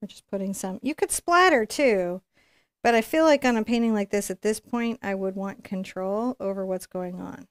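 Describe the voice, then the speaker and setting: A woman's voice: medium pitch, normal speed, no room sound, clean studio sound. A woman giving a live painting tutorial, chatting and encouraging as she works and thinking aloud. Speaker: painting instructor.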